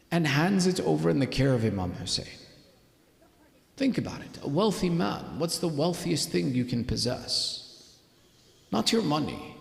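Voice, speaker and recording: A man preaches in a mosque and tells stories dramatically, drawing out the emotional moments. His voice sits high and has a gravelly edge. The sound rings with the long echo of a large hall. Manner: dramatic storytelling with slowed emotional peaks. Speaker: religious speaker. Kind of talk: sermon. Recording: echoey reverberant hall.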